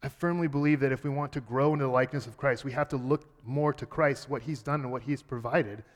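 A man giving a sermon as a pastor, earnest, dropping quiet and then rising emphatic. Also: mid-range voice, steady tone, fast talker, in a large hall.

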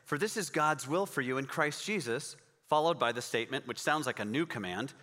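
A man's voice: mid-range voice, expressive, fairly quick, sharp tone, in a large hall. A pastor in his forties preaching a sermon in a conversational, storytelling way, with emphatic rises in his voice.

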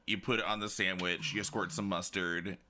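A man chatting casually about food, playful and animated, with exaggerated asides. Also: sits low, normal speed. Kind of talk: casual chat.

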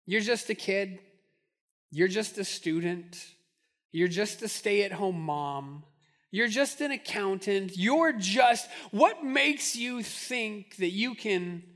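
A male preacher delivers a sermon, retelling a story and speaking straight to his listeners. His voice is very high and bright, with a forceful edge. He stresses key words with emphatic weight. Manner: emphatic storytelling, direct address. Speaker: pastor.

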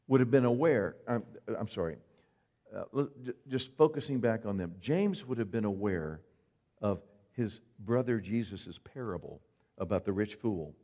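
A man's voice: fairly low pitch, mellow. A male pastor preaching an earnest, conversational sermon with folksy asides.

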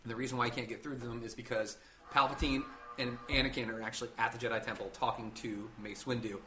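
A man hosting a podcast, telling a story in a casual, animated way and acting out the characters' lines. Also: medium pitch, quick pace, music in the background. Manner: animated storytelling, acts out quotes. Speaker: podcast host.

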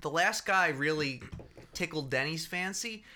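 A man's voice: a little high, measured pace, bright, forceful tone. A man hosting a casual podcast chat, recapping street interviews and laughing often. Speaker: podcast host.

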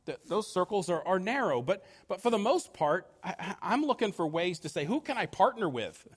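High-voiced, animated man preaching. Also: moderate pace. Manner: conversational preaching with frequent restarts and ums. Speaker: pastor. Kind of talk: sermon.

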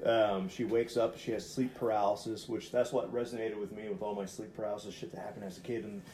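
A man co-hosting a podcast talks fast in a lowish voice, with a bit of hiss or hum on the recording. Telling a story casually, he rambles with lots of "like" and swearing and animatedly acts out the voices in the quotes he retells.

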